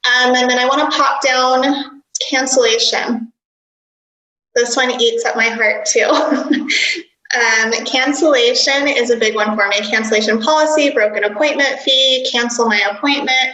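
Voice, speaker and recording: A woman coach teaching a workshop, energetic and instructive, often giggling. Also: high voice, a little slow, echoey room, poor audio. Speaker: dental practice coach.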